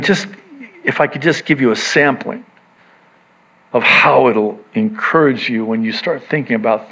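A man preaching a sermon to his church, swinging from hushed reflection to excited emphasis, with joking asides. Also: lowish voice, husky. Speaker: pastor. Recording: dull lo-fi sound.

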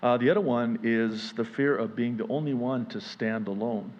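A man preaching a sermon in an animated way, acting out voices and joking about himself. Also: medium pitch, normal speed, highs cut off. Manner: animated, acts out voices, self-deprecating jokes. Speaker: pastor.

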